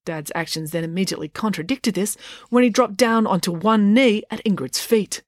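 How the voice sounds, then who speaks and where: A woman narrating an audiobook with expressive storytelling. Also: on the low side, a little fast, dry recording, studio quality. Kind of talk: scripted narration.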